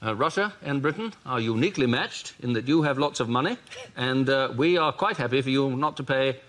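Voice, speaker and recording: A man's voice: medium pitch, animated, fairly quick, fairly bright tone, lightly acted. A man playing a posh, awkward British prime minister, plummy and flustered. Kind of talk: improvised comedy sketch. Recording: noisy studio with audience laughter.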